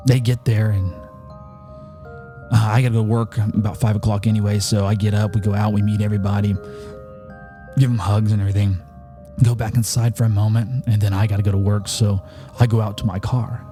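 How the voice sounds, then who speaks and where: A man's voice: lowish voice, level tone, fairly quick, pauses often, warm tone, soft background music. Earnest man telling a story and preaching. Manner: earnest, builds to emphatic preaching. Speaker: podcast host.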